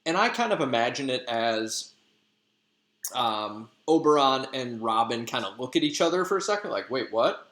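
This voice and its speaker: A man's voice: medium pitch, big pitch swings, normal speed, fairly bright tone. A male teacher casually retelling a play to his class in slangy, conversational talk. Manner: slangy, conversational, lots of fillers. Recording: echoey room.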